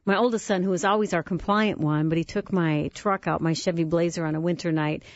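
A woman hosting a radio talk show, telling family stories warmly and laughing often. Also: on the low side, steady tone, fairly quick, no echo, dull audio. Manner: warm storytelling, laughs often.

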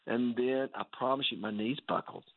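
A man's voice: medium pitch, fairly even intonation, moderate pace. A man telling an earnest personal story as a guest, talking casually with many restarts. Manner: earnest, full of fillers and restarts. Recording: tinny phone-like line.

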